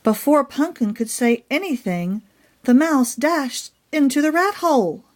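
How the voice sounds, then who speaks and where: A woman reads her own children's picture book aloud in a gentle, expressive storytelling voice. Her pitch moves up and down a great deal, and she keeps the pace slow for young listeners.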